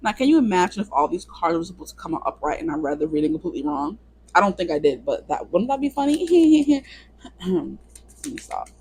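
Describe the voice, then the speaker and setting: A woman's voice: fairly low pitch, very animated, brisk, a little mellow, husky. A woman giving a casual tarot reading to camera, chatty and playful, singing bits of songs. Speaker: tarot reader.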